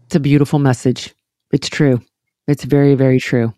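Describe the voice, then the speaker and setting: A woman's voice: very deep voice, little pitch movement, normal speed, mellow, dry recording, studio quality. A woman hosting an interview, affirming her guest and repeating her questions. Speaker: interviewer host.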